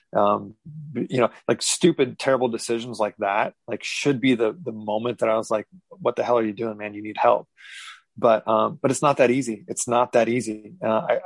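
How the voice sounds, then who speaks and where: A man in his thirties telling a candid personal story as an interview guest, halting with many restarts. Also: fairly low pitch, gravelly, no echo, rough recording.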